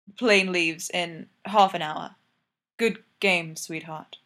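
A woman's voice: lowish voice, slow pace, a bit bright. A woman reading aloud, voicing a sleepy, teasing male hockey player who speaks in clipped, broken English. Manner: clipped broken English, drops small words.

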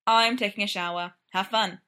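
A woman's voice: mid-range voice, fairly even intonation, moderate pace, pushed and bright, clean tone, lightly acted. A woman voicing a blunt, impatient young man with a dry, matter-of-fact delivery.

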